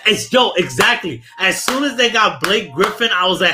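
A podcast host from Brooklyn talks in a forceful, bright voice that sits a little high for a man. His New colors a heated, profanity-laced sports rant. The tone stays casual and blunt, like chatting with friends. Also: very animated, normal speed, soft background music. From Brooklyn, New York.

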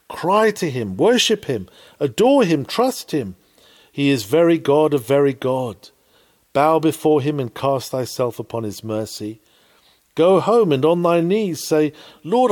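A man delivers an old-fashioned sermon in a fervent, pleading manner. His voice sits at an ordinary male pitch but climbs and falls dramatically from line to line, and he slows down on the key phrases to press them home. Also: darkish tone. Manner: fervent and pleading, with wide swings in pitch and volume.

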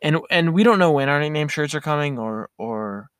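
A man's voice: on the high side, a little fast, smooth, no echo. Young man telling a story, dry mic. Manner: animated, laughing storyteller. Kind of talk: casual storytelling.

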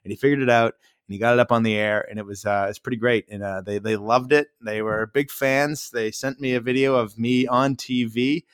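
In a casual storytelling chat, a podcast host meanders through an anecdote, repeatedly saying "like" and voicing others in quotes. He has a smooth, medium-pitched voice, recorded dry with clean studio sound.

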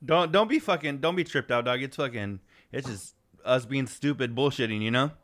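A man hosting a loose, foul-mouthed podcast chat, spinning a crude story and breaking into laughter. His voice sits at an ordinary middle pitch, and when he quotes other people his voice jumps higher and louder. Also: normal speed. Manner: laughing, swearing, quoting others in raised voice. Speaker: podcast host.

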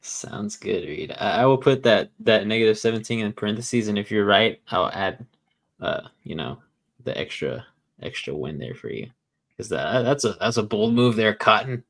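A man's voice: on the low side, lively intonation, normal speed, vocal fry, a bit bright. A man hosting a casual football betting show, joking around and passing the floor to the others. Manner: laid-back, joking, hosting. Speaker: host. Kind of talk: casual sports betting chat.

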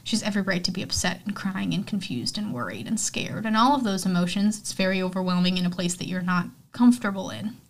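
Talking fast with hardly any pauses, a woman with a mid-range voice recaps a movie on her podcast. Her style is rambling and casual, heavy on "like," and she swears freely.

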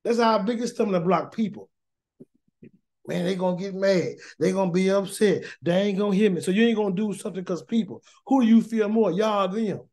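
A man leads a weekly Torah study in a loose, preaching way, his voice sitting high for a man. He talks in plain colloquial speech, says "y'all" and "gonna," repeats himself as he builds a point, and keeps asking his listeners questions he then answers himself. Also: a little fast, darkish tone. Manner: preachy, emphatic, repeats words and asks rhetorical questions. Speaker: Bible teacher. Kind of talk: informal Torah study sermon.

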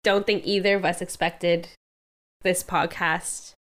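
A woman co-hosting a podcast with a bright, crisp tone. She chats casually, breaks into laughs often and fills her sentences with little fillers. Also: on the low side, steady tone, measured pace. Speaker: podcast co-host. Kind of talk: casual chat.

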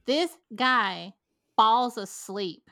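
A woman telling a story in a loose podcast chat, animated and quick to swear. Her voice is bright and sharp. The recording is dry and close. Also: on the high side, no echo. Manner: animated, laughing, profane. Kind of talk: casual storytelling.

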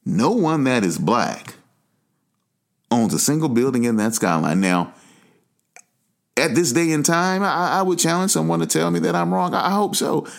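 A man's voice: fairly high pitch, lively intonation, normal speed, creaky, long pauses. A man from Atlanta, hosting a talk show and delivering a passionate, emphatic commentary monologue. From Atlanta, USA. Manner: passionate, emphatic, preachy asides. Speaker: podcast host.

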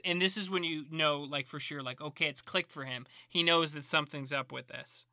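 A man co-hosting a casual movie podcast, retelling scenes with animated flair and acting out the lines. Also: fairly high pitch, a little fast, few pauses, no echo. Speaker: podcast co-host. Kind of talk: casual movie recap chat.

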